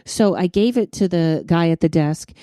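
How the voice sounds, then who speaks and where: A woman hosts a podcast with a mellow, warm voice, chatting casually. She retells everyday stories, laughs easily and acts out what people said. The sound is dry and close. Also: lowish voice, moderate pace, dry recording. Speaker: podcast host. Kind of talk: casual chat.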